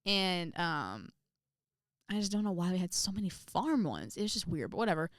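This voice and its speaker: A young adult woman from Indiana, USA, tells a story in a casual vlog, chatty and animated, packed with fillers and acted-out quotes. Her voice is lowish at a moderate pace, and the recording is dry with clean studio sound.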